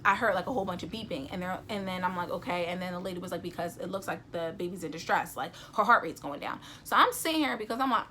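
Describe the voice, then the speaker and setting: Young woman vlogger, bright voice, animated storytelling, acts out everyone's lines. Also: lowish voice, quick pace, hardly any pauses, slight background noise. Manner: animated, acts out quotes, many fillers. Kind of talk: personal storytelling.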